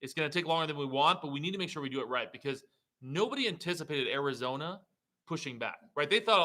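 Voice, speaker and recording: A man's voice: a little high, animated, quick pace, bright, forceful tone, low-quality recording. A man who is a state representative, speaking heatedly and emphatically as a guest in a political interview. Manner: heated, emphatic, rising to indignation.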